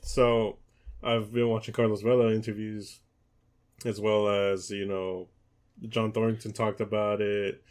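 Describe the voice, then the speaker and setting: A man hosting a football podcast in casual chat, relaxed and hesitant, with many ums and restarts. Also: on the low side, unhurried. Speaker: podcast host.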